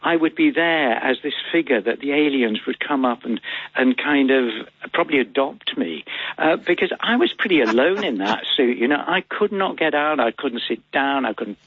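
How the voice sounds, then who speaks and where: A man's voice: medium pitch, expressive, moderate pace, slightly rough, dry recording. An older actor chatting as a radio guest, wry and genteel as he tells stories. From England. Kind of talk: phone interview chat. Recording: tinny dry phone line.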